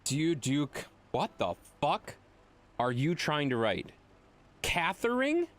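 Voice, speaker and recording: A young man streams a game and rants bluntly and profanely to his chat in casual live-stream talk. His mid-range voice has lively intonation and a slow pace.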